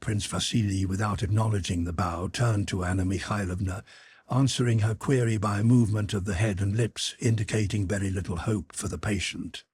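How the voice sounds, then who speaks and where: A man narrating an audiobook in a measured, even storytelling manner. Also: fairly low pitch, slightly rough, no echo, studio quality. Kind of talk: scripted narration.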